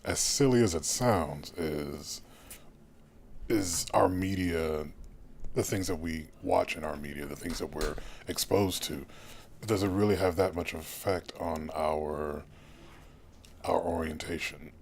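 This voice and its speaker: A man's voice: a bass voice, measured pace, a little mellow. A man co-hosting a casual podcast chat, laughing often and steering the discussion. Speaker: podcast co-host.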